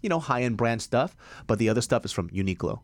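A man's voice: mid-range voice, animated, fast, no room sound. A man co-hosting a podcast, talking bluntly and swearing freely in casual chat. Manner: profane, blunt storytelling. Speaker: podcast co-host.

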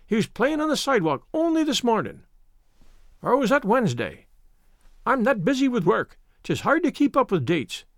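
A tearful, frantic Irish landlady wails in a storybook reading, as a male narrator puts her on. The voice sits high and swings wildly in pitch, with a dry, close sound. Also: wildly swooping pitch, slow, hardly any pauses, pushed and bright, dry recording, heavily acted. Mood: wailing. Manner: wailing, tearful. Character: frantic Irish landlady, middle-aged woman.

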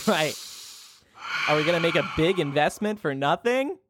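A man's voice: on the high side, expressive, unhurried, background noise. A man playing Jesus as a giggly, teasing co-host in comedy podcast banter. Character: Jesus, God's playful son and co-host.

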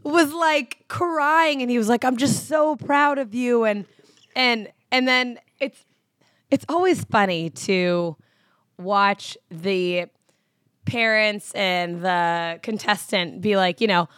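A woman co-hosting a podcast in casual chat, with quick asides and mock quotes. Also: medium pitch, fairly bright tone, smooth, no echo, studio quality. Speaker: podcast co-host.

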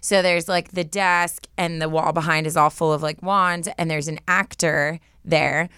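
A woman in her thirties chatting as a podcast co-host, her voice smooth and clear on a low register. She tells stories with eager, quick bursts and giggles often. The sound is dry and close. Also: steady tone, a bit bright, no echo. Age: 30s. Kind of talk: casual chat.

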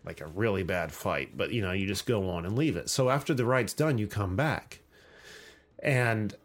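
A man's voice: lowish voice, moderate pace. A man hosting a podcast, telling a long childhood story in a rambling way and swearing freely. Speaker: podcast host. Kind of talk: casual podcast chat.

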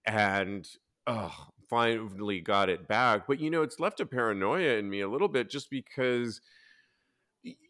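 A man with a lowish voice hosts a casual podcast chat, speaking at a measured pace with no room sound. He's an animated storyteller who acts out quotes and swears freely.

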